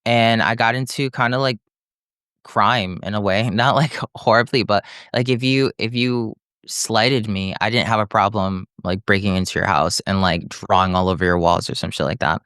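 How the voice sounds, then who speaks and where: Smooth low-voiced man, frank storyteller. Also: moderate pace, fairly bright tone, no echo, clean studio sound. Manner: frank, rambling, heavy use of filler words. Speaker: podcast guest, reiki teacher. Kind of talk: candid personal storytelling in conversation.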